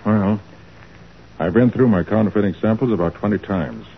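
An actor playing a calm, methodical detective in 1940s radio acting style. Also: male voice, lowish voice, phone-quality sound. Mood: focused. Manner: brisk, businesslike. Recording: scratchy old radio broadcast with faint hiss.

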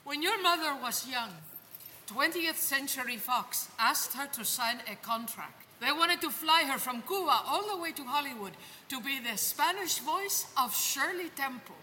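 A woman's voice: sits high, expressive, normal speed, pushed and bright. An actress playing a woman who tells a child a family story in a matter-of-fact way. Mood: wistful. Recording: room reverb, faint background noise.

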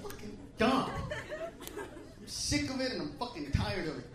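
A man doing a stand-up set in a comedy club. He rants with a lot of profanity and swings from quiet mutters to loud shouts. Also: high-pitched, very animated, normal speed, recorded from a distance. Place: comedy club stage with a live audience. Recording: echoey club with crowd laughter and noise.

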